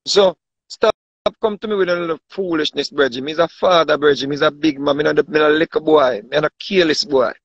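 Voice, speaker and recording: A man's voice: on the high side, fast, hardly any pauses, husky, no room sound. A man with a Jamaican accent ranting casually, boastful and repetitive, often asking if you understand him. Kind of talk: casual rant to camera. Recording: dull dry lo-fi sound.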